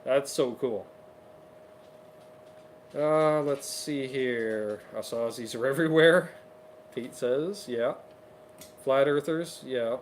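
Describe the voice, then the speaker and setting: A man in the middle of his range, talking casually on a guitar livestream. He reads viewer comments with quick, upbeat asides. A faint hiss runs under the voice. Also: medium pitch. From Canada. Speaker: co-host of a livestream guitar show.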